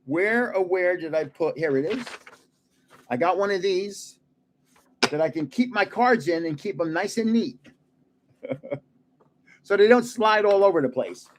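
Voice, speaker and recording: A man's voice: sits high, expressive, unhurried, long pauses, slight background noise. Chuckling older man chatting on a live. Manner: chatty, chuckling, self-deprecating guesses. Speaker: card-collecting livestream host. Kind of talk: casual live chat while opening card packs.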